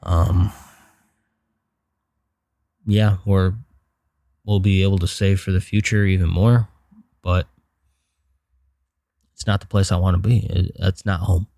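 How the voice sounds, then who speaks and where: A man with a very low, gravelly voice rambles frankly through a solo podcast monologue. He sounds frustrated and low, and swears now and then. The recording is dry and close, with no room sound. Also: little pitch movement, slow, long pauses, dark tone, no echo. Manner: frank, rambling venting with profanity. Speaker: podcast host.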